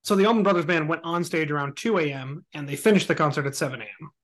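Podcast guy telling a story, kinda high voice, animated and jokey. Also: fast talker. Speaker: podcast host. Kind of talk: casual storytelling chat.

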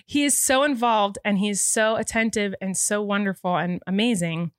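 A woman co-hosting a podcast in casual chat, tearful and emotional, talking quickly and animatedly with laughter breaking in. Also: mid-range voice, smooth, dry recording, clean studio sound. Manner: rapid, animated talk broken by laughs. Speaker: podcast co-host.

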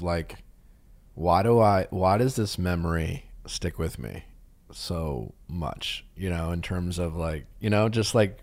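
Male podcast host, low voice, loose rambling questions, casual interview. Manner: rambling, reflective, restarts.

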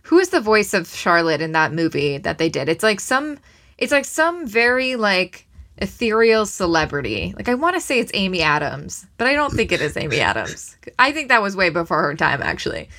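A woman's voice: mid-range voice, very animated, normal speed, pushed and bright. A woman hosting a casual podcast chat, chatty and rambling with plenty of fillers.

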